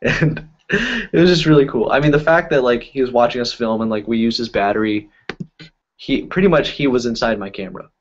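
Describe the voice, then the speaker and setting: Talking fairly quickly at medium pitch, a YouTube creator focused on magic and cardistry runs a relaxed live stream and responds to comments. The recording is muffled; his storytelling wanders, he keeps correcting himself, and he laughs a lot.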